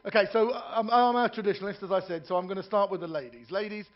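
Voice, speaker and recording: A man works the room as a stand-up comic aboard a ship, spinning long jokes and chatting with the crowd. His voice sits a little high for a man. The live recording sounds dull and lo-fi. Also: fast. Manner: joke-telling with voiced characters and asides to the audience. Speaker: stand-up comedian. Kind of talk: stand-up comedy on stage. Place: ship's theatre lounge.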